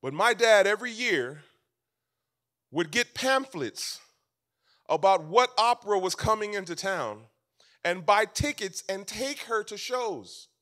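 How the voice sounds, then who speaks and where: Animated preacher man telling stories. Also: high voice, unhurried. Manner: animated storytelling, swings from loud to soft. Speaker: pastor. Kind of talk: sermon.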